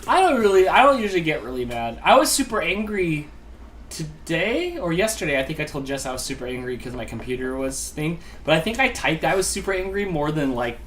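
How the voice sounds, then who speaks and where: A man's voice: fairly high pitch, very animated, a little fast, a bit bright, slight background noise. Rambling, joking male co-host. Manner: rambling, joking, full of "like" and restarts. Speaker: co-host of a baking show. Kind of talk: casual livestream banter.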